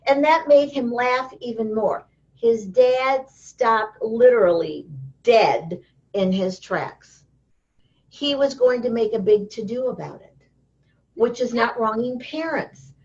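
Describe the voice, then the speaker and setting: A woman guest in an interview, telling stories in a lively way and acting out the voices of the people she quotes. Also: on the high side, slow pace. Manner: lively storyteller who acts out quoted voices. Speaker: interview guest, healing teacher. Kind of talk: casual interview talk. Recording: dull lo-fi sound.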